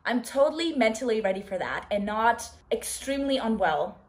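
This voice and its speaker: A woman's voice: fairly high pitch, lively intonation, moderate pace, few pauses. A woman talking casually in a reading vlog, giving dramatic, exclaiming reactions as she reads. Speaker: book vlogger.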